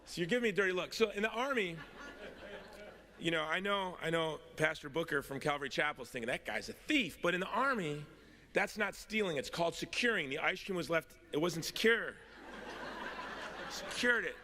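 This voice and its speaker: A man's voice: on the high side, animated, brisk, bright, forceful tone, slight background noise. A middle-aged man giving a personal testimony speech at a convention, telling his story with wry humour that turns earnest. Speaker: convention speaker. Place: large hall. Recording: long hall reverb.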